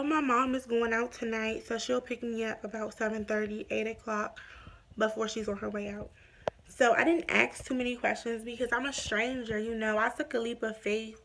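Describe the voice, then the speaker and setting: A young woman casually telling a personal story on her vlog, acting out the dialogue as she goes. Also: a little high. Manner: animated retelling with quoted dialogue.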